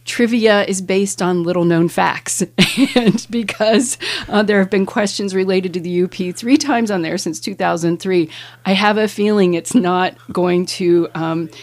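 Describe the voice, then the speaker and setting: A woman from Ohio, an English professor, answering interview questions in an explanatory, measured way with frequent "um"s. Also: medium pitch, darkish tone.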